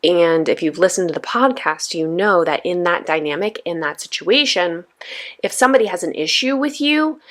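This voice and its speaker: This podcast host, a woman in her thirties, has a fairly low, somewhat bright voice that she uses expressively at a normal speed. Her talk is casual and conversational, full of asides to listeners and frequent "right?" and "you know".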